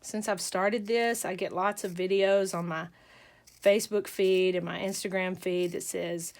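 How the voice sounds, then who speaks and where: A woman's voice: mid-range voice, steady tone, measured pace. A woman hosting a casual crafting tutorial, chatty and rambling, with asides and jokes.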